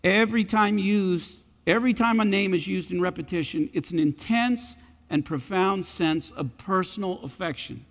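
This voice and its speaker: A gravelly, high male voice at normal speed preaches with dramatic flair, taking on the voices of biblical characters. An echoey hall and dull lo-fi quality mark the recording.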